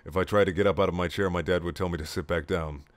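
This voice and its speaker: A young man reading a comedic story aloud in clipped, deadpan lines with sudden loud outbursts. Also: low voice, fast, no echo.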